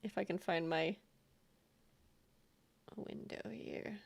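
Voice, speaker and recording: A woman's voice: on the low side, takes it slowly, vocal fry. A woman streamer chatting casually with her viewers while she plays, rambling and laughing often. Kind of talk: casual gameplay chat.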